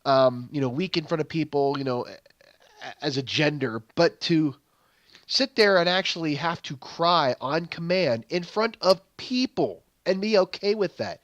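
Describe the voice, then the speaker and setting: A man's voice: fairly high pitch, lively intonation, measured pace, no echo, dull audio. Rambling man narrating gameplay. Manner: rambling, lots of fillers and restarts. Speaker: gaming channel host. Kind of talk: casual game commentary and storytelling.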